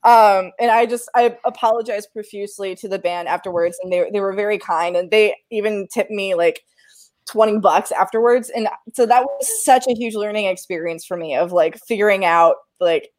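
Laughing, animated woman telling a story. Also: medium pitch, moderate pace. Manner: animated, laughing often, acts out quotes. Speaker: live sound engineer telling a story. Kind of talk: casual storytelling chat.

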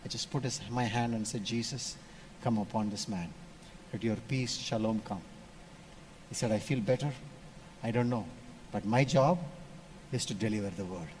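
A man from India, preaching a sermon and telling stories, switching between loud emphasis and hushed asides. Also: lowish voice, normal speed, long pauses, a little hiss or hum. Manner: storytelling, animated shifts between loud and hushed.

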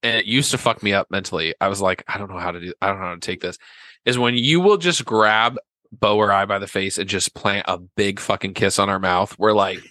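Bright-voiced young man telling stories. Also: fairly low pitch, fairly quick, no echo. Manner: animated storytelling, acts out his own past words in whispers. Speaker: podcast guest. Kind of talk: casual chat.

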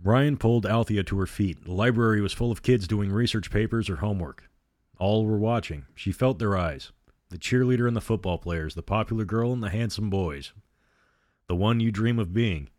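Low-voiced man reading a story. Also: fairly quick, darkish tone, dry recording, clean studio sound. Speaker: narrator.

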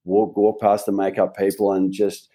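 Low, mellow Australian man telling a story. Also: completely flat delivery, moderate pace. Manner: rambling, chatty, with frequent restarts. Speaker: guest. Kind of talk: casual anecdote in a conversation.

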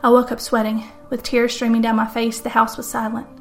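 A woman reading a murder story aloud in dramatic first-person narration, with a fairly high voice. Soft music runs under her. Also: completely flat delivery, fairly quick. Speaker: podcast host and author.

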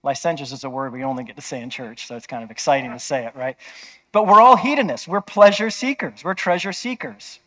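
A man's voice: medium pitch, animated, fast, few pauses. A man preaching a sermon in an emphatic, conversational way, often checking with listeners.

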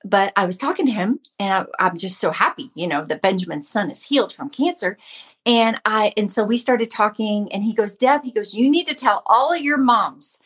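A husky, medium-pitched woman's voice moves at a moderate pace as a Christian mom channel host in her fifties delivers a casual devotional talk. She's earnest and chatty, and she repeats herself a lot.

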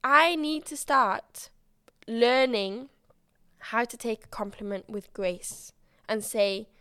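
A woman's voice: on the high side, slow pace, pushed and bright, smooth, dry recording, studio quality. A woman hosting her own podcast, chatting candidly and expressively and swearing freely. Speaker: podcast host. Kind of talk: casual solo podcast chat.

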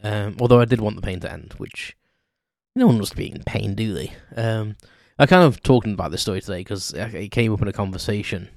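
A man's voice: lowish voice, a little fast, darkish tone, dry recording, studio quality. Chatty man rambling through a story. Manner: rambling, chatty, self-deprecating, many ums. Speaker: podcast host. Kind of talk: unscripted storytelling monologue.

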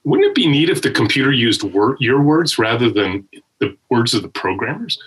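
A man's voice: medium pitch, normal speed, husky, poor audio. A man who is a guest and tech company founder, telling stories in conversation. He is emphatic and often adds "right?" to his points. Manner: animated, emphatic, with frequent "right?" tags. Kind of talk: conversational storytelling.

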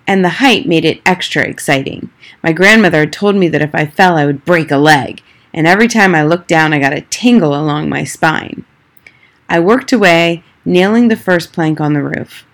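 A woman reading a children's novel aloud in a measured first-person storytelling manner. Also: fairly low pitch. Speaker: reader.

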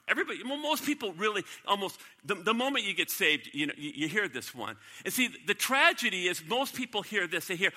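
Man, pastor, sermon, high pitch, emphatic, asks the room questions. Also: sing-song, a little fast, bright, forceful tone. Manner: emphatic, repeats key lines, asks the congregation questions. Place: church sanctuary. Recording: long reverb of a large hall.

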